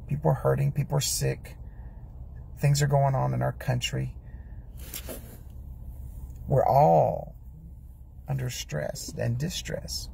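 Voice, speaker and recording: A pastor with a gravelly, mid-pitched voice delivers an earnest sermon while sitting in his parked truck. He reads scripture in old-fashioned wording and keeps circling back to the same questions for emphasis. A faint hum sits under the recording. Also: mellow.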